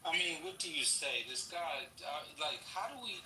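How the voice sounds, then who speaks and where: A man's voice: on the high side, expressive, normal speed, sharp tone, a little hiss or hum. A man in a heated casual chat, exasperated and profane, stammering through many restarts. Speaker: participant in an online political chat room. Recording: distant mic in a roomy space.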